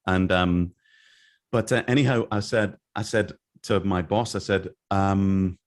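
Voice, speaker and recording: A middle-aged man with a slightly low voice recalls his past in a casual interview. He rambles and restarts often, and he slips into other people's voices when he quotes them. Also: fairly even intonation, unhurried. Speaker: interview guest, game artist.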